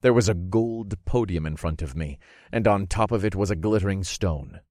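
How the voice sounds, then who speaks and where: Deep-voiced man narrating a dark fantasy audiobook. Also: no echo, studio quality. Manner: measured, dramatic storytelling.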